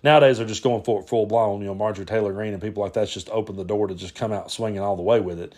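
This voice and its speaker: A man's voice: lowish voice, steady tone, racing, a little mellow. A middle-aged man from Tennessee with a Southern accent, hosting a podcast and telling a personal story in a folksy, plainspoken way with frequent restarts. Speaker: podcast host.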